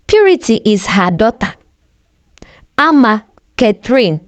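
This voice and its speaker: A woman storyteller narrates a dramatic family tale with emotive weight. She speaks slowly, her voice a little high. The sound is dry and close. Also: big pitch swings, no echo.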